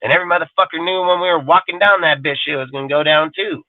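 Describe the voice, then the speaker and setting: A man's voice: on the high side, quick pace, dry recording, phone-quality sound. A man hosting a live fan show, ranting aggressively in casual talk and swearing constantly. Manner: aggressive, heavy swearing, mimics people mockingly. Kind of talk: profane casual rant.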